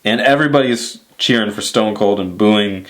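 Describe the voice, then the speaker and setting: Relaxed man recapping casually. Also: on the low side, moderate pace. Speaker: podcast co-host. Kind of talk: casual chat.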